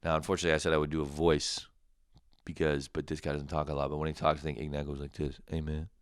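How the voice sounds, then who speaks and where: A young man hosting a crude solo comedy podcast, swearing freely, laughing at his own jokes and jumping into loud mock quotes. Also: very deep voice, monotone, quick pace, no echo, clean studio sound. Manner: profane, laughing, shifts into shouted mock quotes.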